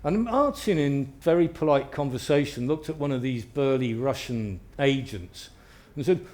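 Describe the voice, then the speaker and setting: A man, an author, telling anecdotes to a live audience in a lively storytelling manner and acting out what people said. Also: medium pitch, normal speed. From Britain. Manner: lively storyteller, acts out quotes. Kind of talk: anecdotal talk.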